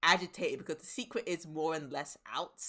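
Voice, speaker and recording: A woman's voice: deep voice, fairly quick, pushed and bright. A woman narrating as game master of a tabletop game, rambling with many fillers and restarts.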